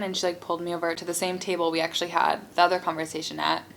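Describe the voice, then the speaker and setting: A woman's voice: lowish voice, flat delivery, racing, creaky, few pauses, slight background noise. A young woman vlogger telling a casual storytime while eating, chatty and exasperated, with many "like"s. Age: young adult. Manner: chatty, heavy use of "like", exasperated.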